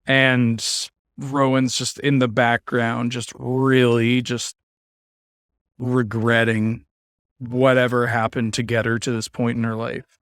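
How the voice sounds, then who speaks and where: Slow, wry man commentating his game. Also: medium pitch, level tone, fairly bright tone, no echo, clean studio sound. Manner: wry, sarcastic joking asides. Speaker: streamer playing a card game. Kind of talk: casual gameplay commentary.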